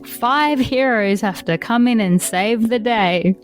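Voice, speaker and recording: A woman playing a tabletop game, talking bluntly and sarcastically with quick laughs. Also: on the high side, faint music behind. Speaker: player. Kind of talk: casual tabletop role-play.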